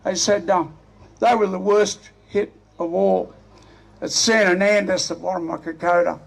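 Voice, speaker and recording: An older man with an Australian accent giving a rambling, rousing speech at an outdoor rally, shouting to the crowd. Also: high-pitched, fairly even intonation, unhurried, vocal fry. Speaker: rally speaker.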